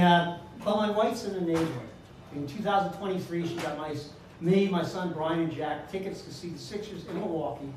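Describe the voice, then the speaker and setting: A man's voice: a little high, slight background noise. An older man telling a self-deprecating comic story on a live stage, chatty and full of asides. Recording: echoey room, mic far off.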